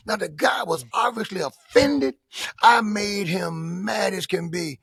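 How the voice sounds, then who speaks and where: An older man speaks in the rhythm of a preacher, his high voice bright and cutting. He drops to soft tones and then rises to shouted emphasis. The sound is husky and recorded close and dry. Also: measured pace, no echo. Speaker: bishop and pastor. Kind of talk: emphatic interview answers in a preaching manner.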